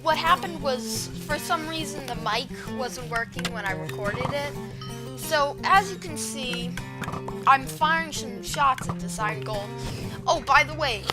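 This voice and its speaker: Higher-voiced lady rambling thru game commentary, laughs at her own mistakes, music going behind her. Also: expressive, unhurried. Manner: rambling, self-mocking, with frequent restarts and fillers. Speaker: gaming channel host. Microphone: new desktop microphone.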